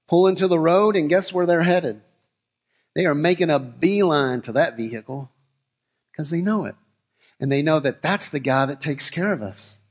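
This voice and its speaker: High-voiced man preaching a sermon. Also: breathy edge. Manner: conversational storytelling that builds to emphatic, slowed declarations. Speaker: pastor.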